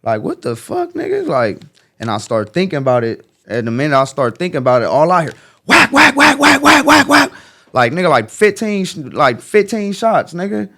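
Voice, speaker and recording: A young man telling a story in casual street slang, acting out voices with sudden high jumps. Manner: animated, acts out quotes with sharp pitch jumps; heavy slang, fast casual street talk. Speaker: guest.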